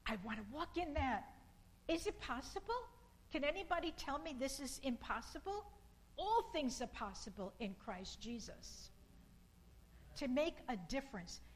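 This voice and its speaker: A woman giving an informal sermon in a slow, earnest and repetitive way, with bursts of emphasis. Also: fairly high pitch, a little hiss or hum, rough recording.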